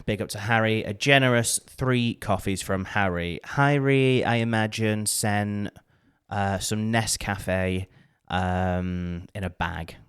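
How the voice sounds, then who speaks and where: A man's voice: on the low side, takes it slowly, fairly bright tone, clean tone. A man co-hosting a podcast in casual chat, bantering playfully and teasing his co-host.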